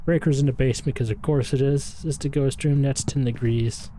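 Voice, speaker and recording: A slightly hoarse, out-of-breath man giving rambling, self-deprecating commentary while streaming a game. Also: medium pitch, fairly even intonation, fairly quick, warm tone, slight background noise. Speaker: gaming streamer.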